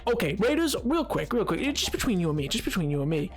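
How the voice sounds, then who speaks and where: A man streaming a game live and chatting with his viewers, hoarse from hours of talking, animated and self-mocking, breaking into laughter often. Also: high voice, quick pace, over music. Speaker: livestreamer. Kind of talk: casual gaming livestream chat.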